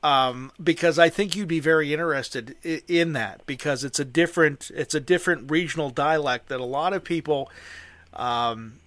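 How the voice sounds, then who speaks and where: A man's voice: a little high, normal speed, a bit bright, dry recording. An older man from Western Pennsylvania with a local accent, hosting a casual chat and explaining things at length with enthusiasm. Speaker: host. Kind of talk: casual conversation.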